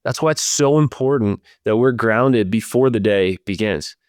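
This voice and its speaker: A man's voice: medium pitch, normal speed, a little mellow, no room sound, studio quality. A man hosting a leadership podcast, talking in an earnest, reflective way and speaking straight to his listeners. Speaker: podcast host.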